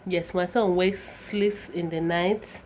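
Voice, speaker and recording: Young Nigerian woman, home vlog, playful, laughing a lot, slow unhurried speech, faint background noise. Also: lowish voice, steady tone, a little mellow. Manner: playful, laughing often, coaxing her baby. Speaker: vlogger. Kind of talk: casual home vlog talking to camera and her baby. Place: home, indoors.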